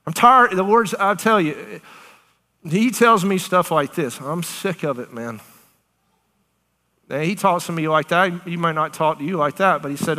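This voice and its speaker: A woman preaching a charismatic sermon, animated and excited, often laughing between phrases. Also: fairly low pitch, measured pace. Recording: long hall reverb.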